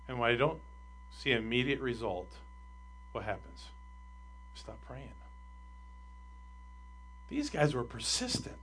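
A man preaching a sermon as pastor, emphatic and asking his congregation rhetorical questions, with his voice swinging between loud and quiet. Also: fairly high pitch, breathy edge.

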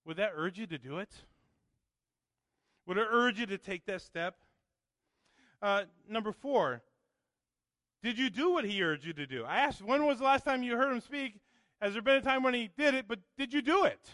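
A man's voice: sits high, animated, normal speed, pauses often, fairly bright tone, no echo. A male pastor preaching a sermon, emphatic and full of rhetorical questions to the congregation.

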